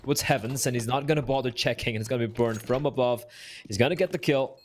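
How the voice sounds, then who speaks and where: A man on a headset mic giving fast play-by-play commentary on a shooter match, getting excited during big plays. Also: mid-range voice. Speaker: esports caster. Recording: faint noise and game gunfire behind.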